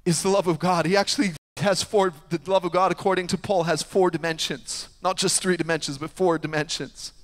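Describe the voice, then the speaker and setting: A man's voice: high voice, fairly quick, few pauses. Preaching man in a reverberant church hall. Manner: animated storytelling, shifts between loud preaching and hushed asides. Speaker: pastor. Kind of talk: sermon. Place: church sanctuary.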